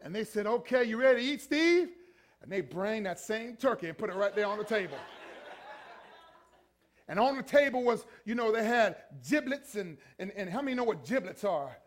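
A male pastor telling a comic story in a sermon, animated, acting out voices and screams and stumbling through bursts of repeated words. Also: high voice, normal speed, slight background noise. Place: church before a congregation.

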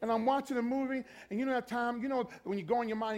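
A male pastor tells a comic story from the pulpit in a very high voice. He is animated, acts out the voices and screams of the people in the story, and stumbles through bursts of repeated words as it builds. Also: very fast. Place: church before a congregation.

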